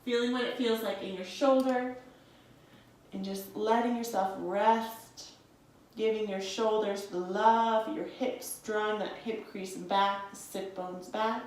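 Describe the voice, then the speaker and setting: A woman's voice: medium pitch, steady tone, takes it slowly, a little mellow. Young woman yoga teacher, soothing and encouraging, sounds far off in a really echoey room. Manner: soothing, encouraging, calls listeners friends. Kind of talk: guided yoga instruction.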